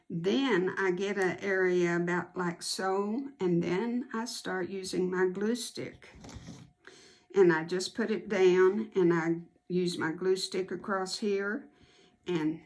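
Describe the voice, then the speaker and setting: Slow, gravelly-voiced woman teaching sewing. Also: on the low side. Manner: unhurried, homey step-by-step explaining. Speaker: quilting instructor. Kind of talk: hands-on sewing tutorial.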